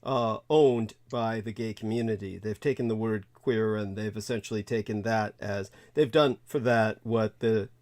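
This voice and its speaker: A man in casual chat, explaining a point in a measured way, with hesitant fillers. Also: fairly low pitch, fairly even intonation, a little mellow.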